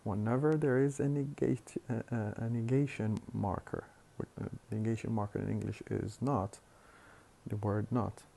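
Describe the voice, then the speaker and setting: A man lecturing on phonetics, explaining slowly and deliberately with hesitant fillers and repeated words. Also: on the low side, fairly even intonation, gravelly, warm tone, slight background noise. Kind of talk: recorded university lecture.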